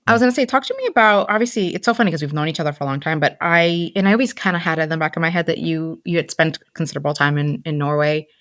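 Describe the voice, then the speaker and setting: Low-voiced lady hosting a podcast, chatty and upbeat, dry close mic. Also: racing, few pauses, a bit bright, dry recording. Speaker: podcast host. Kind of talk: casual interview.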